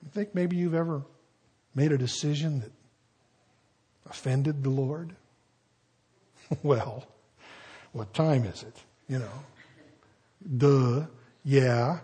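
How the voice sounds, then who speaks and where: A middle-aged pastor preaching a sermon, husky, emphatic, slowing down and rising on key words. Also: male voice, mid-range voice, mellow.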